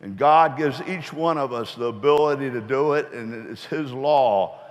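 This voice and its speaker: A man's voice: mid-range voice, normal speed, big-room sound. A middle-aged man gives a rambling, folksy motivational talk to his business's distributors, earnest about belief. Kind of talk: motivational speech with folksy joke.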